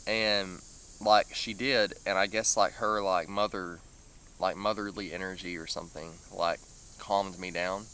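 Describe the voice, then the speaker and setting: A man's voice: sits low, fairly even intonation, unhurried, bright, forceful tone, clear, resonant tone. A man casually telling a long personal story, rambling with many fillers and nervous laughs. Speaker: vlogger.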